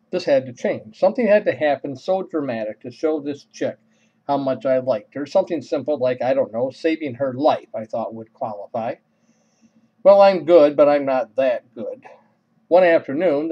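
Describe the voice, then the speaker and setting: A man spinning a funny personal tale with dry, deadpan timing and well-placed pauses. His voice sits at an ordinary mid pitch. The recording sounds dull and lo-fi. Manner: wry, deadpan comic timing. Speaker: storyteller. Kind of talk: humorous personal storytelling.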